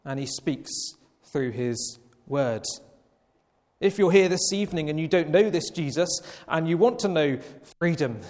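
A man preaching a Sunday evening sermon, slow and emphatic, with long pauses. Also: fairly high pitch, expressive, a little mellow. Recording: long reverb of a church hall.

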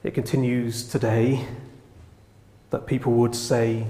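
A man's voice: fairly high pitch, animated, moderate pace. A man preaching a sermon, opening with light jokes before turning earnest and reflective. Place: church. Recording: echoey church hall, long reverb.

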